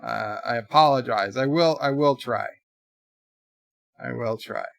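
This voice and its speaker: A man hosting a casual livestream, rambling through deadpan joke answers to viewer messages in a put-on mock accent. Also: mid-range voice, measured pace, gravelly, no room sound. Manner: rambling, jokey deadpan nonsense. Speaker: livestream host.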